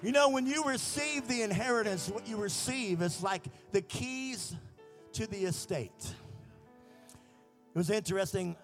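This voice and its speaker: High-voiced American preacher, soft music. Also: male voice, measured pace. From United States. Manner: builds to shouted fervor. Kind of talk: prophetic sermon with storytelling.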